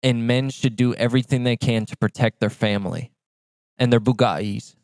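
A man's voice: mid-range voice, normal speed, darkish tone, no echo. A man co-hosting a podcast in casual chat, laid-back and blunt, with some swearing. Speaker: podcast co-host.

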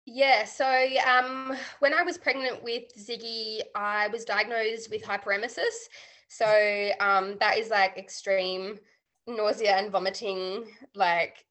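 Australian woman, thirties, bright and clear tone, casual candid interview chat, lots of ums and likes. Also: mid-range voice, fairly even intonation, slow pace. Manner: chatty, warm and candid, with many fillers. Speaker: guest.

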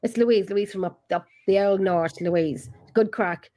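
An Irish woman hosts a loose live-stream chat at an ordinary, middling pitch. She rambles warmly between topics and stops to read viewers' comments aloud. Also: unhurried. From Ireland. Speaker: host.

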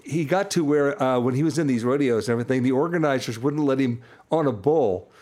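A man co-hosting a music radio show in easy, casual chat. He rambles and restarts his sentences, filling the gaps with "uh" in a middle-pitched voice. The talk is loose and unscripted. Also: fairly quick, darkish tone. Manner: easygoing, rambling with many fillers and restarts.

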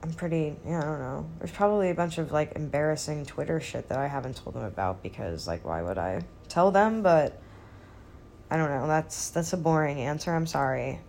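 A woman in her twenties chatting casually as a vlogger, stoned and laid-back, with vocal fry in a rambling, quiet delivery. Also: low voice, fairly quick, a little hiss or hum. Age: 20s. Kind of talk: casual chat.

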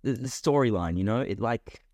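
Young male podcast co-host, low voice, rambling joking delivery, dry close mic. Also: normal speed, darkish tone, no room sound. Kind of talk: casual chat.

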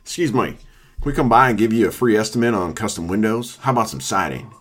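A man's voice: animated, fast talker, a bit bright. A man voicing a pushy male cold caller selling windows and siding with a put-on trashy Southern drawl. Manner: overly eager sales pitch.

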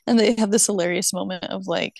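Young woman, gravelly fry, upbeat podcast chatter, dry close sound. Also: mid-range voice, darkish tone, no echo. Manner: enthusiastic, laughs often while recapping. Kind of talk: casual chat.

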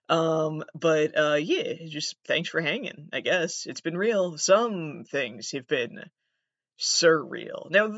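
A woman's voice: lowish voice, no echo. A young woman in her twenties rambles through a solo podcast monologue, swearing freely and poking fun at herself. She sits close to the mic, and the sound is dry, a bit dull, with no room around it. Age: 20s. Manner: rambling, profane, self-deprecating. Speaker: podcast host and comedian.

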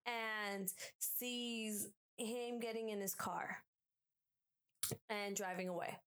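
A woman's voice: medium pitch, fairly even intonation, takes it slowly, a bit bright. A woman co-hosting a casual podcast, rambling through her theories in a loose, chatty way. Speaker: podcast co-host.

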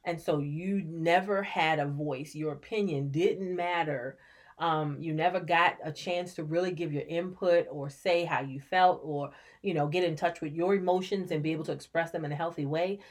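Low-voiced reflective middle-aged mother. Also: fairly even intonation, normal speed. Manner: reflective, storytelling, laughs often. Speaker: podcast co-host and mother. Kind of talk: casual conversation.

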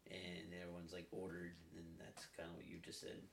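A man's voice: low-pitched, monotone, fairly quick, vocal fry. A man chatting casually about a Bible passage, rambling and saying "like" often. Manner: rambling, heavy use of "like". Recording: echoey room with light noise.

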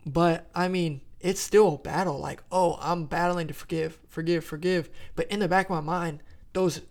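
Gravelly higher-voiced man, animated chat. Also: moderate pace. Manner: animated, searching for words. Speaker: podcast co-host. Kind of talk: casual faith podcast chat.

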